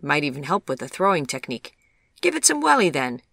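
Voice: medium pitch, big pitch swings, brisk, vocal fry, bright, forceful tone, dry recording, clean studio sound, full character voice. A narrator voicing a cheerful, easygoing young man with a British accent, jovial and teasing. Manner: jovial, teasing, bursts of enthusiasm.

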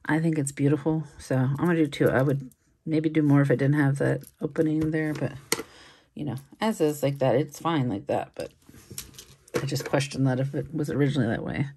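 A woman jewelry reseller muses aloud during casual unboxing commentary, chatty and sprinkling in frequent likes and ums. Her low, warm voice is steady and a little fast, with slight background noise.

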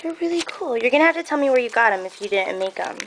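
A woman chatting excitedly as she unboxes craft gifts, gasping and gushing, with lots of "like" and "oh my God". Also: on the high side, quick pace, slight background noise, low-quality recording. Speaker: crafting vlogger. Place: crafting room at home.

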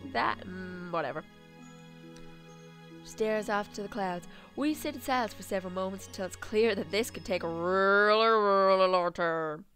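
A woman doing let's play commentary, reading game text aloud, excitable and swearing freely. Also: mid-range voice, clear, resonant tone, no echo. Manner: excitable, swears freely, bursts into squeals and laughs.

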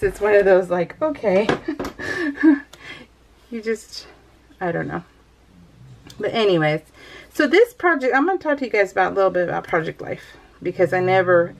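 A woman's voice: fairly low pitch, slight background noise. A young woman chatting casually in her crafting vlog, rambling, sing-song, and laughing often. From California. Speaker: vlogger. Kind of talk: casual chat while crafting.

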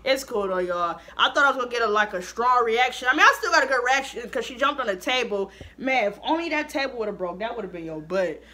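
Young woman vlogging, playful slangy chatter, bright sharp voice. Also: fairly high pitch, expressive, brisk, hardly any pauses. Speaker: vlog host. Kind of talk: casual chat to camera.

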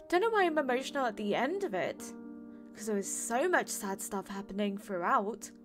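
A woman gaming streamer reacting to a game's ending, emotional and rambling, with lots of fillers. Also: medium pitch.

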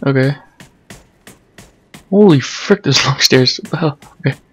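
A man doing let's play commentary, excitable, swearing and yelping when startled. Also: mid-range voice, a little slow, husky, faint music behind. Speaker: gamer.

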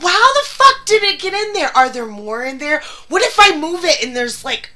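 Bright, very high woman streamer in her thirties, frantic and swearing, faint noise behind. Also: big pitch swings, moderate pace. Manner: panicked, swearing, laughing. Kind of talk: live stream chat.

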